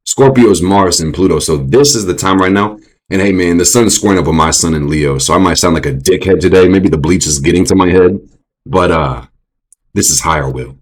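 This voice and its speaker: A young adult man hosting a casual astrology stream, profane and animated, often jumping into mocking voices. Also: deep voice, fairly quick. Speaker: astrology show host. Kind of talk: casual astrology livestream talk.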